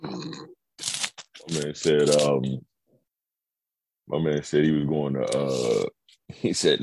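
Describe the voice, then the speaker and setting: A man's voice: rumbling low, steady tone, takes it slowly, long pauses, a little mellow, slight background noise. A man co-hosting a podcast, telling a story in casual chat and laughing as he imitates his friends. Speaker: podcast co-host.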